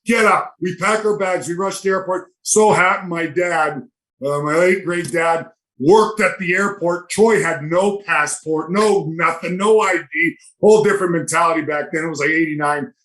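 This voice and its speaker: A man's voice: on the high side, moderate pace, low-quality recording. A man in his fifties, a podcast guest telling long anecdotes in casual chat and acting out what people said. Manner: animated anecdotes, acts out quoted voices. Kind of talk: casual storytelling.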